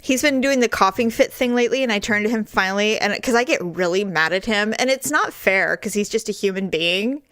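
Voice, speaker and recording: Woman, podcast co-host, casual chat, animated storytelling, dry close mic. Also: medium pitch, fairly quick, hardly any pauses, dry recording. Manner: animated storyteller, acts out quoted voices with big jumps.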